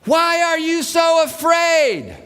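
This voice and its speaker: A man acting out an unshaken teacher who calls out over a storm in slow, stretched words, pitched high. His voice carries with a faint grin through a long, echoing hall. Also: big pitch swings, heavily acted. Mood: calm. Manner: loud, drawn out, unhurried. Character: calm teacher calling out over a storm, grinning.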